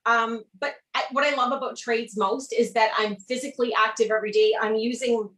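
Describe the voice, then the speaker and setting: A woman ironworker, interviewed casually over a video call, speaks fairly quickly in a high, slightly bright voice with fairly even intonation. She's enthusiastic and laughs often, and the recording has a roomy echo.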